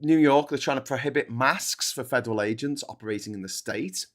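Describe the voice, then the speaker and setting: A man's voice: medium pitch, fairly quick, a bit bright. A man hosting a casual political chat show, sarcastic and mocking, swearing freely. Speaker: political commentary host.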